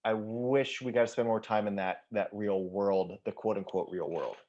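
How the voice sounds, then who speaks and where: A man's voice: lowish voice, steady tone, normal speed, a little mellow, muffled recording. A man co-hosting a casual movie podcast, rambling through thoughts with lots of restarts, fillers and casual swearing. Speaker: podcast co-host.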